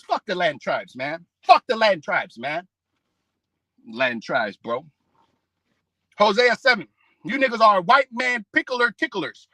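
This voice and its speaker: A man with a very high, piercing voice scolds his listeners in a profane religious rant, mixing street talk with quoted scripture. His tone stays bright and edgy, and the recording is dry and close with almost no room sound. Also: big pitch swings, normal speed, no room sound, rough recording. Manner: scolding, peppered with "man" and "bro"; quotes scripture between outbursts. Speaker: online religious preacher.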